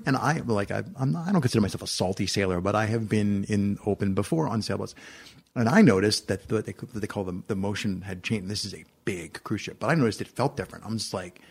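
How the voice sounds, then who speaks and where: A man hosting a podcast, casually telling anecdotes in an animated way and laughing along. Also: fairly low pitch, quick pace, creaky, breathy edge. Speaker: podcast host. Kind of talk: casual conversation, storytelling.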